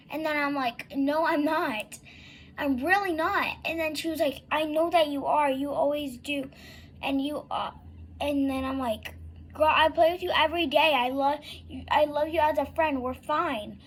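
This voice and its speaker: Talking a little slowly in a high, somewhat bright voice, a young girl tells a long, rambling story for her casual vlog. She's full of fillers and "likes," and voices the dialogue between herself and a friend.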